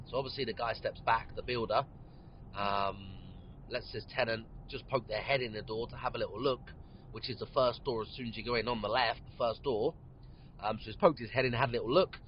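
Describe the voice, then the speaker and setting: A man with a low voice hosts his podcast from inside a car. He tells a story loosely, full of ums and interrupted by yawns. The sound is dull and lo-fi, with a faint hum of road noise behind him. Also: fairly even intonation, brisk. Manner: rambling, many ums, yawning between phrases. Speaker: podcast host. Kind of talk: casual storytelling monologue. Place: inside a parked or moving car.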